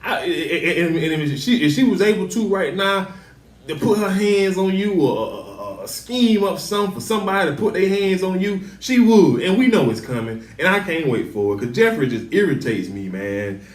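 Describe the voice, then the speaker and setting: Recap host, male, lively slangy delivery, slightly high voice, recorded in a roomy space. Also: moderate pace, distant mic. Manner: animated, slangy, quotes characters. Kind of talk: casual TV episode recap. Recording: roomy sound, set back from the mic.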